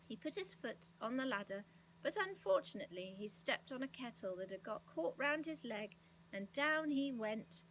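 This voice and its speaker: Lady reading a kids' story out loud, lively and sing-song, a faint hum behind. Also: on the high side, moderate pace, poor audio. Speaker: storybook reader. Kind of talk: children's story read-aloud.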